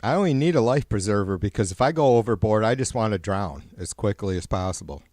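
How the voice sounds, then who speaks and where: Man ranting profanely, low voice. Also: expressive, fast, no room sound, clean studio sound. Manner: sarcastic, swearing, rambling, gets louder when worked up. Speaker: livestream host. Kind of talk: profane political rant.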